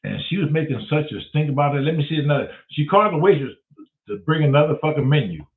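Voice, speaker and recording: A man's voice: fairly high pitch, expressive, quick pace. A man hosting his own show and telling a rambling, profane story in a casual monologue. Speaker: show host. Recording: tinny phone-like sound.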